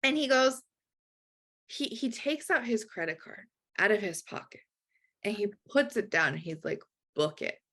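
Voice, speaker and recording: A woman's voice: mid-range voice, normal speed. A woman guest telling a personal story in a casual interview, acting out the voices of the people in it. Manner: animated, acts out quoted dialogue.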